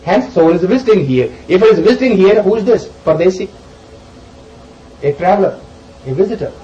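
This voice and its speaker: A man teaching a group as he explains scripture verses, animated and emphatic, swinging between loud questions and soft asides. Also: high-pitched, a little fast, reverberant, lo-fi sound, a little hiss or hum. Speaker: spiritual teacher.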